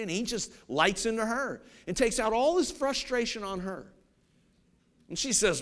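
A man preaching a sermon, animated and storytelling, acting out the people in his stories. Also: high-pitched, moderate pace. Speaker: pastor.

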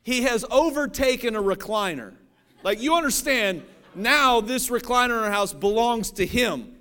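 A man's voice: extremely high pitch, animated, normal speed, bright, forceful tone, clear, resonant tone. A man from Cincinnati, Ohio, preaching a sermon in a conversational, joking way and often checking that the audience follows along. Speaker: pastor.

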